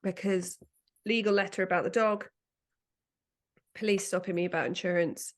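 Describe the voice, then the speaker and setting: A woman's voice: medium pitch, a little fast. Chatty English woman telling funny stories. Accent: British English. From England. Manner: animated storytelling, laughs and swears freely. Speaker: podcast co-host. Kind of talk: casual chat.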